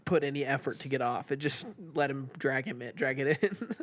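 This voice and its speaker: A man's voice: mid-range voice, normal speed. A young man co-hosting a podcast in a laid-back casual chat, laughing often and filling with "like". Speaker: podcast co-host.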